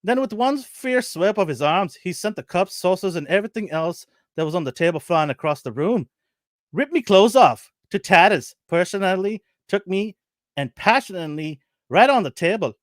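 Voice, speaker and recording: A man's voice: animated, moderate pace, dry recording. Old Irish woman, scandalized storyteller, bad brogue on purpose, a man puts her on. Dry, close sound. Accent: put-on Irish. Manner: exaggerated storytelling brogue, higher pitched.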